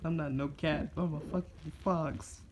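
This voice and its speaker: A man voicing a gruff, touchy male fox spirit who swears and takes offense easily. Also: a little high, steady tone, a little slow, slight background noise, voice pushed up, natural voice. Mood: offended. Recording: dull lo-fi recording.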